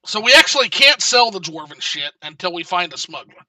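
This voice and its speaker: An excitable man streams a video game and chats casually with his viewers, cursing freely. His voice sits high and comes across very bright and cutting. He sits a little back from the mic, with faint game music underneath. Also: brisk, no room sound, distant mic. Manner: excitable and profane, swearing often. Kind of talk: casual live gameplay commentary.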